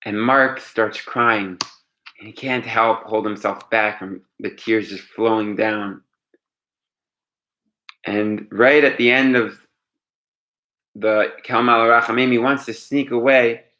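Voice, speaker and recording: A man telling a true story aloud, animated, with dramatic pauses. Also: lowish voice. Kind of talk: oral storytelling.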